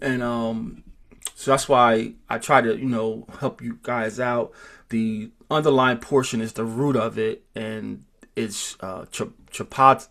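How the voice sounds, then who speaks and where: A man teaching an informal group class, talking slowly and thinking aloud, with many restarts and repeated words. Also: mid-range voice, creaky, a bit bright. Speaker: teacher of a Hebrew roots class.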